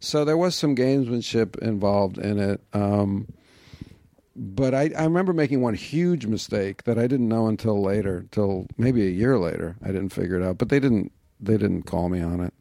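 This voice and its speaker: A man's voice: on the low side, lively intonation, moderate pace, creaky, warm tone, dry recording. A man as a podcast guest, talking in a reflective, self-deprecating, wry way in casual interview chat on a close mic.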